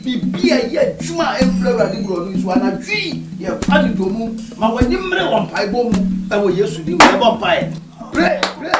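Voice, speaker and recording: A male pastor who leads prayer with commanding declarations. His voice rings through a roomy space from a distance, with loud music and a crowd behind. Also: extremely high pitch, sing-song, normal speed.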